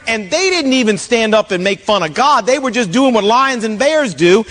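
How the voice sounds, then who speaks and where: High-voiced pastor preaching, jokey and animated. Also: male voice, moderate pace, few pauses. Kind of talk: sermon. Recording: long reverb of a large hall.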